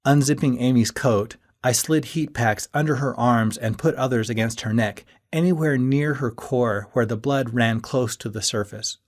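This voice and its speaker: A man reading a first-person audiobook in a steady storytelling manner that rises with moments of tension. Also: medium pitch, moderate pace, hardly any pauses. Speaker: audiobook narrator.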